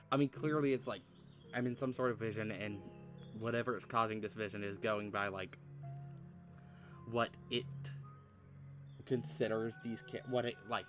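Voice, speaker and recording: A man streaming a story game, reading its dialogue aloud and thinking out loud, swearing often and using lots of fillers. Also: on the low side.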